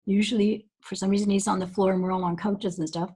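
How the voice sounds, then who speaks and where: A woman with a slightly husky, breathy voice at a middle pitch, recalling old memories on a call. She talks in a loose, meandering way, full of small pauses and "you know"s. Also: flat delivery, mellow, poor audio. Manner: reflective, rambling storytelling with fillers. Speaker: guest recalling early days. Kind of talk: casual recorded call.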